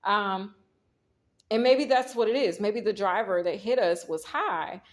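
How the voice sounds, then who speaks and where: A woman's voice: medium pitch, a little slow. A woman gives a casual tarot reading to her viewers. She rambles through the story in an easy, chatty way, often speaking straight to the audience. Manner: rambling, talks straight to viewers, retells scenes quoting herself. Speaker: tarot reader.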